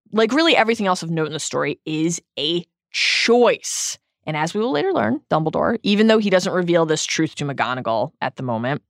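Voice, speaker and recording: Earnest, lively woman podcast host. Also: on the low side, no echo, studio quality. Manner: earnest, emphatic, literary. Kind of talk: podcast book discussion.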